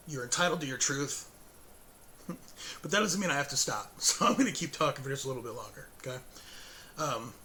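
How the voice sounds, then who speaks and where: A hoarse man hosting his own show, giving a casual, rambling spoken update with fillers, self-corrections and chuckles between sentences. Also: medium pitch, pushed and bright.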